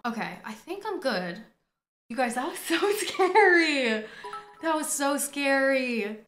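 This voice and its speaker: A woman giving excitable, profane play-by-play commentary on a game, often breaking into laughter. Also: high-pitched, slow, roomy sound. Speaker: gaming streamer. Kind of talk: casual gameplay commentary. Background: faint game music.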